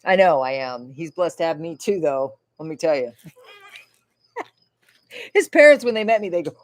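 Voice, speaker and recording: A woman's voice: low-pitched, animated, normal speed, pauses often, no room sound. A woman from Florida hosting a casual livestream, rambling and chatty and swearing freely. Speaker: livestream host.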